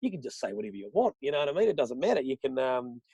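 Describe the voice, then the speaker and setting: A man's voice: mid-range voice, sing-song, racing, dark tone, husky, no room sound. A man with a New Zealand accent, a radio host guesting on a podcast, chatting casually and swearing freely as he rambles. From New Zealand, Southland. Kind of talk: casual chat.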